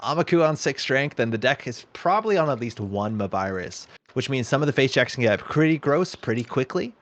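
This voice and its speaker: A man's voice: mid-range voice, animated, a little fast. A man doing live play-by-play commentary on a card game tournament, breaking down each move analytically.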